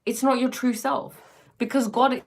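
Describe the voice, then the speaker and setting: A woman's voice: a little high, fairly even intonation, unhurried. A woman hosting a casual livestream, musing reflectively and answering viewers' comments, often breaking off mid-sentence. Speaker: livestream host.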